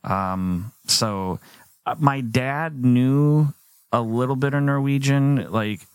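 A man's voice: medium pitch, slow pace, clean tone, no room sound. A man hosting a podcast, chatting casually and rambling with fillers and quoted asides. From United States. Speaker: podcast host. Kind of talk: casual interview chat.

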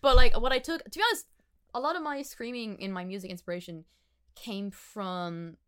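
A woman's voice: medium pitch, steady tone, moderate pace, a bit bright, clear, resonant tone. A young woman, a musician guest chatting casually on a podcast, laughing often and filling her talk with "like". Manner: chatty, laughing, many fillers like "like".

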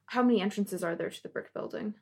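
Husky, gravelly woman player. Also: mid-range voice, fast talker. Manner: hesitant, many "like" fillers. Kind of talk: casual tabletop play.

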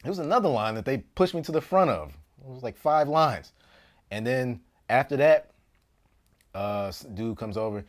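A man who works as an actor, telling a story from his own life in a casual, comedic way. He laughs often and jumps between loud bursts and hushed asides. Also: mid-range voice, expressive, moderate pace.

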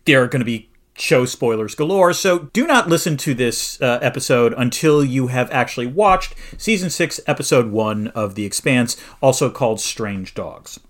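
A man's voice: mid-range voice, animated, moderate pace, hardly any pauses. A middle-aged man co-hosting a casual podcast, amiable and often chuckling, with rambling asides. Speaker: podcast co-host.

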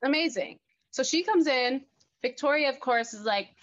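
A woman co-hosting a podcast in casual recap chat, animated and emphatic with quick asides. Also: high-pitched, no echo, highs cut off. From not from New York. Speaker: podcast co-host.

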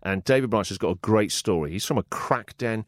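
A man with kids, co-hosting a podcast, talking in an animated, jokey way. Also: lowish voice, fairly quick, no echo, clean studio sound. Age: adult, has kids and a wife. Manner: animated, jokey, acts out quotes. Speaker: podcast co-host. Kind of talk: casual sports chat.

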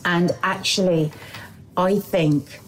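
Middle-aged south london woman, lowish voice, blunt chatty podcast co-host. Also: steady tone, slow pace, slight background noise, poor audio. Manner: frank, emphatic, talks in restarts. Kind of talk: casual chat.

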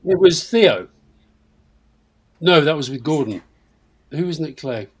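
A man in his sixties in casual chat, reflective, sometimes dropping to a quieter voice. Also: animated, slow pace, slightly rough. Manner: reflective, trails off into a lower, quieter voice. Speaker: podcast host.

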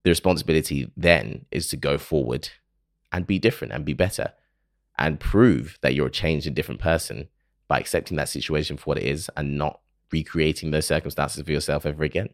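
A very deep-voiced man speaks briskly with fairly even intonation, recorded at studio quality without echo. Hosting his podcast alone, he delivers a reflective monologue that is earnest, openly emotional, and self-questioning.

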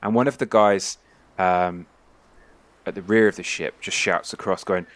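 A man's voice: sits low, steady tone, normal speed, a bit bright, dry recording. A man running a tabletop role-playing game, narrating loosely with many fillers. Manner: loose, rambling, full of fillers. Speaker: game master.

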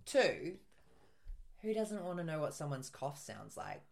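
A man's voice: fairly high pitch, very animated, unhurried, vocal fry. A man co-hosting a podcast in casual chat, playful and teasing. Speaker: podcast co-host.

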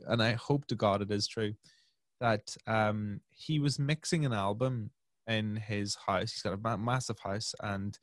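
A man's voice: fairly low pitch, no room sound. A man hosting a podcast, chatting eagerly, telling anecdotes and laughing often as he asks questions. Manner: chatty, laughing, lots of fillers and restarts, storytelling. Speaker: podcast host. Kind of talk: casual interview conversation.

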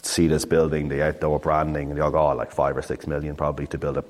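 A man's voice: a bass voice, level tone, fast, long reverb tail. A man in his thirties, a startup founder telling his story in a casual, rambling interview chat full of swearing.

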